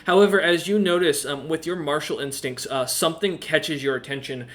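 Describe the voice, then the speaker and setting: A man's voice: fairly high pitch, fairly quick, fairly bright tone. A man narrating as game master in a tabletop game, hesitant with many fillers. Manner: hesitant, lots of ums and uhs.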